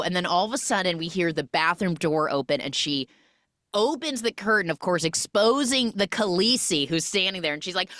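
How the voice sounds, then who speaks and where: A woman hosting a podcast, recapping a film in a casual, animated storytelling way and acting out the characters' lines. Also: on the low side, moderate pace, no room sound, clean studio sound. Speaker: podcast host.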